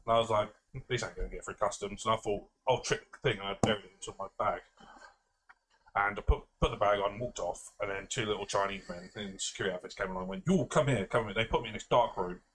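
A man's voice: on the low side, fast, slight background noise. A young man co-hosting a casual podcast, telling travel stories with lots of laughter and acted-out voices. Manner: animated storyteller, laughs often, acts out quoted voices. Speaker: podcast co-host. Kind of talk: casual chat, storytelling.

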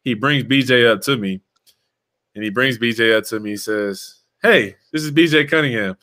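A young man hosting a casual chat, telling a story in an animated, slangy way and calling his listener bro. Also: mid-range voice, normal speed. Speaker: podcast host, former player.

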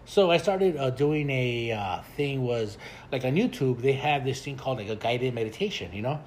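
A man's voice: medium pitch, expressive, normal speed, a little hiss or hum. An older man and grandfather telling rambling, profane stories in a casual chat with friends, often breaking into laughter. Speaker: storyteller in a group chat.

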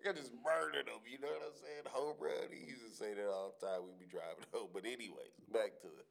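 A man's voice: mid-range voice, fast, gravelly. A man in casual, profane sports chat who tells stories and laughs often.

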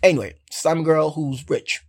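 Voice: medium pitch, measured pace, vocal fry. A casual, sarcastic film recap that rambles with frequent asides, swears, and then apologizes for it. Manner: sarcastic, rambling, keeps saying "anyway".

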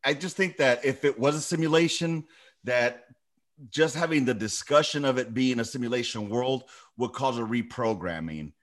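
A man's voice: mid-range voice, normal speed. A man co-hosting a podcast in casual chat, swearing freely and calling his friend bro and dude. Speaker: podcast co-host.

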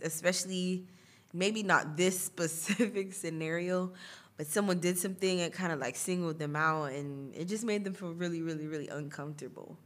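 A woman's voice: on the low side, a bit bright. Chatty young woman telling a story. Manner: chatty, laughs often, many fillers. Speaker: podcast host. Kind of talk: casual storytelling.

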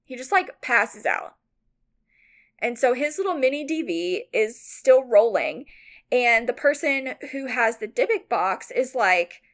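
A woman co-hosting a podcast, casually retelling a story with lots of "like" fillers, rambling and animated. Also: fairly high pitch, a little slow. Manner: animated, mock-outraged retelling. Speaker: podcast co-host.

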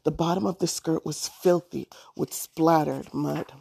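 Woman reading a story, low and gravelly. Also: fairly even intonation, measured pace, dark tone, dry recording, clean studio sound. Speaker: narrator. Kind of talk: storybook read-aloud.

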